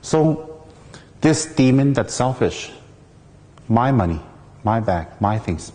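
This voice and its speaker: A man from the United States, a Buddhist teacher, giving a dharma talk through a lively personal story in which he acts out the people in it. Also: medium pitch, slow, pauses often, in a large hall.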